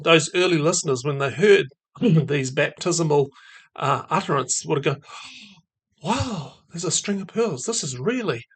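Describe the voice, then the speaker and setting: A man with a fairly high-pitched voice gives a thoughtful devotional talk. He muses aloud and drops in fillers and soft laughs as he goes. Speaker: faith and mental health speaker.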